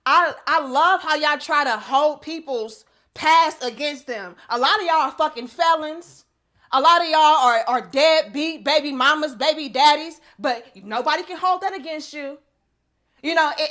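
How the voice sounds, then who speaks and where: High bright-voiced woman, blunt and fired-up. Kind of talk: heated casual chat.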